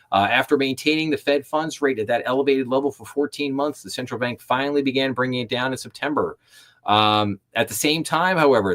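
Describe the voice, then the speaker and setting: A man hosting a live finance stream, reading news items aloud and breaking off into skeptical, sarcastic asides. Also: mid-range voice. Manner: sarcastic, skeptical asides between read-out passages. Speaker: host.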